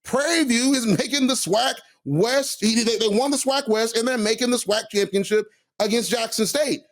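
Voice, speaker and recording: A man's voice: very high-pitched, moderate pace. A young man co-hosting a sports podcast in casual chat. He laughs often and reads out quotes in a mocking tone. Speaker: podcast co-host.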